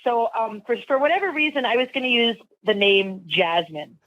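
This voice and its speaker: A woman's voice: on the high side, expressive, normal speed, dull audio. A woman who hosts a radio show, chatting as a podcast guest in a rambling way, with lots of fillers and restarts. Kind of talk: casual interview storytelling.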